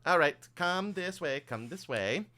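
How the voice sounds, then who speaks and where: A man voicing an eager young female elf bank clerk in a tabletop game, with chirpy, rushed sales patter full of fillers. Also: on the high side, animated, bright, forceful tone, pitched above the performer's own voice.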